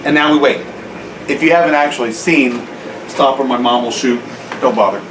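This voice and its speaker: A man's voice: medium pitch, normal speed, background noise. A man talking casually through a home how-to vlog, rambling into chatty asides as he works in his kitchen. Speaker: gun owner vlogger.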